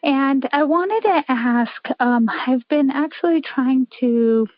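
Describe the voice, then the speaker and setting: A woman's voice: sits high, takes it slowly, no echo, muffled recording. A woman from California calling in to a show, hesitant and searching for her words. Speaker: caller. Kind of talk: phone call-in.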